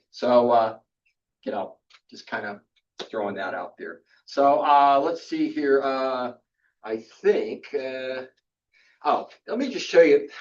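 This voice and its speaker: Older man, casual photo workshop lecture, rambling with restarts, distant, muffled sound. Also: medium pitch. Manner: chatty, rambling, many restarts and fillers. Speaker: photography instructor. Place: club meeting room. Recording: distant, dull room recording.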